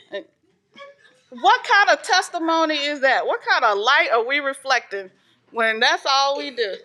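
A woman's voice: high voice, lively intonation, a little slow, pushed and bright. A woman teaching an informal church Bible lesson, reading scripture and explaining it earnestly, with frequent "um" fillers. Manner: reads scripture aloud, then explains it.

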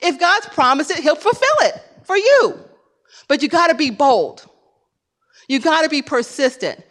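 High-voiced woman preaching emphatically. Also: very animated, measured pace, fairly bright tone. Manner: emphatic, repetitive exhortation. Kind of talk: sermon.

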